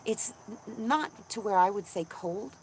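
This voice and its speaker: A woman hosting a casual livestream, chatting in a rambling way with lots of ums and restarts and greeting viewers brightly. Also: mid-range voice, a little slow, slight background noise. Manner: bubbly, voice jumps up when greeting viewers. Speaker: homesteading channel host. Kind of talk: casual livestream chat, reading viewer comments.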